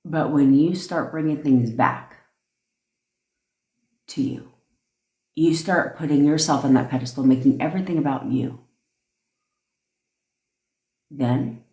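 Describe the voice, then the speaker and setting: Young woman, low-pitched, blunt and cussing, livestream rant, echoey room. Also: dark tone. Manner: blunt, profane, emphatic. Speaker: manifestation coach. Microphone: phone.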